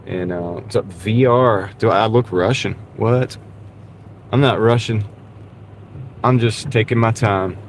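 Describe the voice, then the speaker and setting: A man's voice: fairly low pitch, unhurried, pauses often. A man livestreaming while driving for food deliveries, chatting in a rambling way and answering viewer comments. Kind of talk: casual live-stream chat while driving. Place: inside a car driving in the rain. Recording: steady road and car noise behind. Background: car and road noise.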